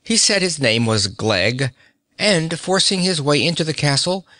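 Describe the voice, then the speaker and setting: Excitable old noble uncle, put on by a male reader, high, bright storybook voice. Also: no echo, clean studio sound. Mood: earnest. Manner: excitable and rapid.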